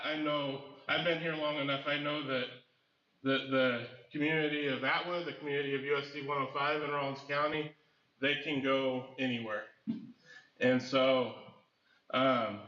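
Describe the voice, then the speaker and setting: A man's voice: medium pitch, bright, forceful tone. A man, a school administrator, speaking earnestly at a community meeting, hesitant with many fillers. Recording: echoey room, slightly dull.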